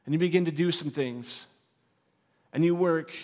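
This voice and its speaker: A man's voice: a little high, moderate pace, darkish tone, long reverb tail. A man preaching a sermon as a pastor, earnest and repetitive, building to emphatic declarations.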